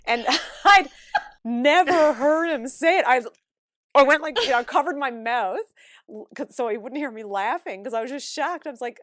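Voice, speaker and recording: A woman's voice: sits high, moderate pace, a bit bright, no echo, studio quality. A woman, chatting as a podcast guest and laughing as she trades local sayings. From Newfoundland. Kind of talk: casual chat.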